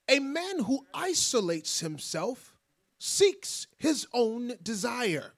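Slow, measured woman reading scripture. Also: on the high side, sing-song.

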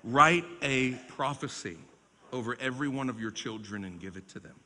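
A man in his forties preaching a revival sermon, swinging between loud exhortation and quiet storytelling. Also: medium pitch, moderate pace. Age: 40s. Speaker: pastor. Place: large church sanctuary. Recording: long church hall reverb.

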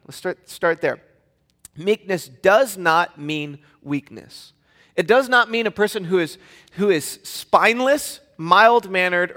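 Male pastor, 30s, high voice, animated story-driven sermon, long hall reverb. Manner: animated storytelling, playful asides.

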